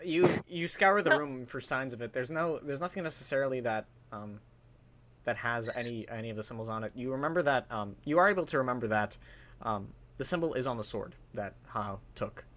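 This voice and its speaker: A man narrating a tabletop game as game master, pausing often with fillers. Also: medium pitch, a bit bright. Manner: hesitant, filler-heavy narration.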